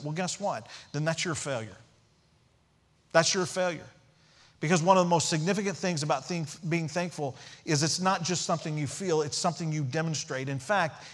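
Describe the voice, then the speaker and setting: A man preaching a sermon as pastor, emphatic, repeating key phrases and asking rhetorical questions. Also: on the high side.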